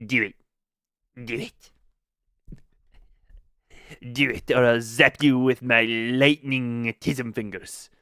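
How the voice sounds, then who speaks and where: A menacing old male emperor, as a man puts him on hisses slow, gravelly threats. The tone is bright and tense. The recording is dry and close. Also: mid-range voice, steady tone, no room sound, voice pushed down. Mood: menacing, taunting.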